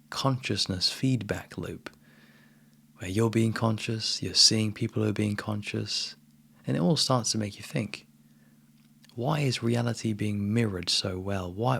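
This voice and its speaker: Gravelly husky man, casual spiritual talk. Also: fairly low pitch. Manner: relaxed, says "man" often, emphatic bursts. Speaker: spiritual coach.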